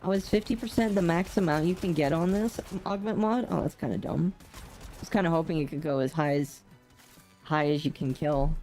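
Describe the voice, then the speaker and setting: A woman's voice: low-pitched, fairly quick, mellow, soft background music. A young adult woman chatting casually on a game stream, sleepy and yawning often, self-deprecating as she reads chat aloud. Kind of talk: casual live-stream chat while gaming.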